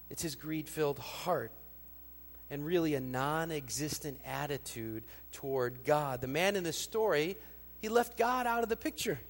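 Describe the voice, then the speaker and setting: A man preaching as pastor, expressive, acting out quoted lines with lifted emphasis. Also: a little high. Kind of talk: sermon. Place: church sanctuary. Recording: long reverb of a large hall.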